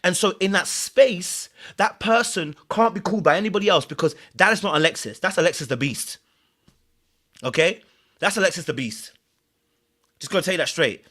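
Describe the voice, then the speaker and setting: Animated man, bright lively voice. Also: high voice, normal speed. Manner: animated, playful, laughs at himself, repeats words. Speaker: podcast host. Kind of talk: casual commentary.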